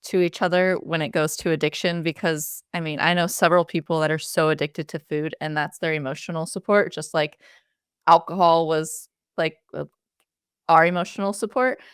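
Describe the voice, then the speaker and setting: A woman's voice: low-pitched, clear, resonant tone, no echo, studio quality. A woman hosting a podcast who chats casually, with many "like" fillers. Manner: chatty, with frequent "like" fillers. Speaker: podcast host. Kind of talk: casual chat.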